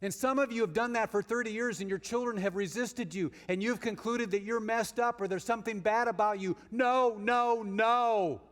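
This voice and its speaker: A high-pitched male guest speaker delivers a sermon in a church sanctuary, talking fairly quickly with few pauses. He moves between emphatic rises and hushed storytelling, and the large hall gives a long reverb.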